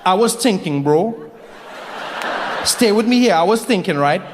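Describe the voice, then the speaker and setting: A man's voice: sits high, animated, measured pace, a crowd in the background, background noise. A man voicing a laid-back young Caribbean beach guy who talks chummily, on a reverberant stage. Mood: scheming. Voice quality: chummy, says "bro".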